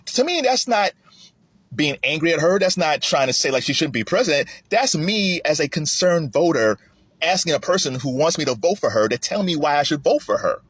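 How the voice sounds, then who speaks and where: A man giving a casual political commentary monologue, animated and often restarting his sentences. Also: fairly quick, breathy edge, no echo. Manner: animated, rising high when emphatic, with frequent restarts. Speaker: commentary vlogger.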